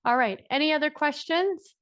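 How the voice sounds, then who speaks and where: Irish woman with a high voice leading a punchy motivational coaching session. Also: normal speed, a bit bright, no echo, clean studio sound. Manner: emphatic, repetitive, laughs often. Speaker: business coach.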